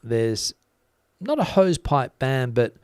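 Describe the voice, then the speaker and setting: A man's voice: mid-range voice, very animated, slow, darkish tone, smooth, dry recording, studio quality. Chatty man hosting live chat. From Australia. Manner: hesitant, lots of uh fillers, reads out comments. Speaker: livestream host reading chat.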